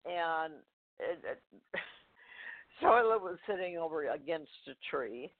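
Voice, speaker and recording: An older woman, a guest author, telling a personal story in a phone interview, halting, with fillers, restarts and soft laughs. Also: deep voice, animated. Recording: tinny phone line.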